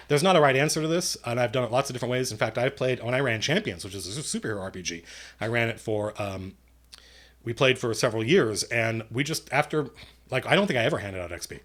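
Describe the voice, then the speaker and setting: A man's voice: mid-range voice, a bit bright. Man, casual stream Q&A, rambling, self-correcting, dry jokes, desk mic. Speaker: game master and writer answering viewer questions. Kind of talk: casual livestream Q&A.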